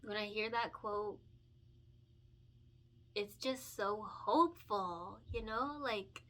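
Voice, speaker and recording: A young adult woman, a picture book illustrator and vlogger, chats casually while coloring. She is emotional and gushing, laughs often, and says "like" a lot, speaking slowly in a mid-range voice with a fairly bright tone.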